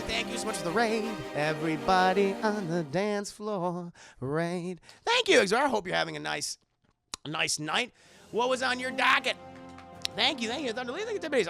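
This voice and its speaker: A young man streaming, recapping an episode in a profane, animated way that repeats itself. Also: high-pitched, moderate pace, vocal fry, over music.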